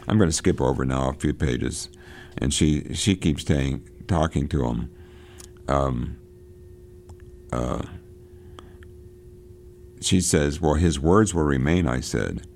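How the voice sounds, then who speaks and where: A man hosting a radio program on literature, reading passages from a novel aloud and discussing them, talking in a halting way with many fillers and restarts. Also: extremely low pitch, gravelly, darkish tone, slight background noise.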